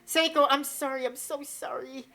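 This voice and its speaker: Frightened schoolgirl, a woman reading her: bright and high, panicky, pleading. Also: fairly even intonation, normal speed, soft background music. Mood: desperate. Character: frightened, desperate teenage schoolgirl.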